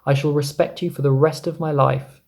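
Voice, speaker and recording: A cheeky, rude centipede from a storybook who jeers and sneers at everyone, voiced by a man. The delivery is low and gravelly, full of scorn. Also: fairly even intonation, brisk, darkish tone. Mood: scornful. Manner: jeering, scornful. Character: mocking, rude male centipede.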